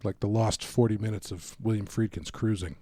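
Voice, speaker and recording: A man's voice: fairly low pitch, steady tone, fairly quick, dark tone, a little hiss or hum. A man co-hosting a podcast, chatting casually about an old film in a rambling way, full of restarts. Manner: rambling, restarts, acts out quotes. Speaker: podcast co-host.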